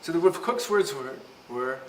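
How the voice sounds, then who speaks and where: A man, a rabbi, giving a lecture and telling stories in an animated, humorous way. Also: on the high side, moderate pace, slight background noise. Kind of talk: lecture with storytelling. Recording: roomy hall echo.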